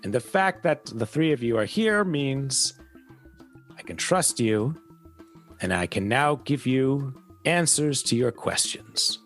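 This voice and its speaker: A man's voice: mid-range voice, expressive, a bit bright, faint music behind. A man putting on a wealthy German benefactor, light accent. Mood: courteous. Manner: polite, measured, courteous.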